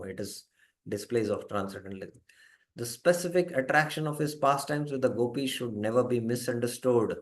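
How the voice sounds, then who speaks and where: A man teaching a scripture class in a calm, mid-pitched voice. He explains step by step, pausing with small hesitations as he goes. Now and then he turns to quiz his students. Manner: quizzes students by name.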